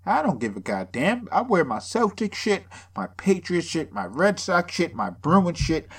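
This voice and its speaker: Man, a bit drunk, sarcastic profane rambling, animated up-and-down delivery. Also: sits high, unhurried, breathy edge. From Boston area. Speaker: podcast host. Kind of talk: casual rambling monologue.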